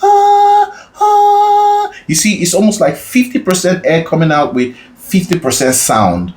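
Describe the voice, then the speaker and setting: A man's voice: on the high side, sing-song, moderate pace, echoey room. A man teaching a singing lesson as a vocal coach, explaining casually and often checking in with the listener. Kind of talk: singing lesson with sung demonstrations.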